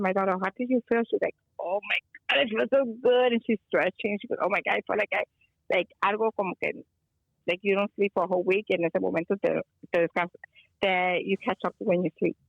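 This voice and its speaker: Calling in from Chicago, a woman who works as an energy healer tells a meandering story on a casual phone-in chat, dropping Spanish phrases along the way. Her mid-range voice moves at a quick clip with fairly even intonation. The phone line sounds dry, with the highs cut off.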